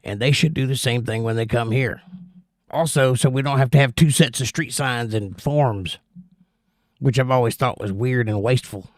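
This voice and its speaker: A man's voice: medium pitch, normal speed, no echo, clean studio sound. A man hosting a casual livestream, chatting easily and rambling in reply to viewer comments. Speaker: livestream host.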